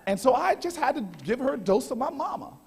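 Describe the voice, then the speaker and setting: A man giving a keynote at a banquet, telling a humorous story with animated delivery and frequent restarts. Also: very high-pitched, fast talker, gravelly, a little hiss or hum. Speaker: keynote speaker. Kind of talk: storytelling speech. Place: large banquet hall. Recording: echoey hall, heavy reverb.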